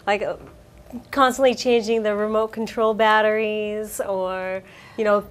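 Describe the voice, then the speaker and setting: A woman's voice: mid-range voice, little pitch movement, a little slow. A woman hosting an internet radio interview, chatty and supportive as she asks questions. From United States. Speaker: host.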